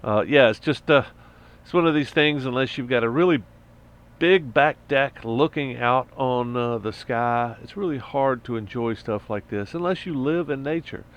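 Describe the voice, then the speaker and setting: A man's voice: medium pitch, moderate pace, clean tone, low-quality recording. A man vlogging casually at a mountain campsite, rambling and blunt, grumbling about other campers. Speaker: motorcycle vlogger. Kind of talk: casual vlog monologue. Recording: faint outdoor background noise.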